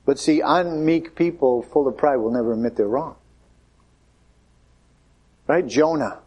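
A man's voice: mid-range voice, a little slow, darkish tone, breathy edge. A man preaching a conversational sermon, acting out the voices of Bible figures.

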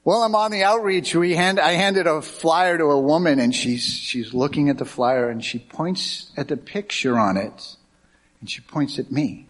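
A middle-aged American man preaching as a pastor. He tells anecdotes in an animated way, acting out the quoted dialogue as he goes. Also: fairly high pitch, normal speed. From United States. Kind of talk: sermon with storytelling.

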